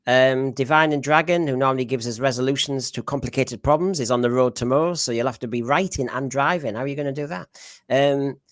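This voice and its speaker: A man's voice: mid-range voice, quick pace, no echo, studio quality. A man with a Middlesbrough accent hosting a casual live panel chat, rambling as he reads out viewer comments. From Northeast England. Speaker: podcast host.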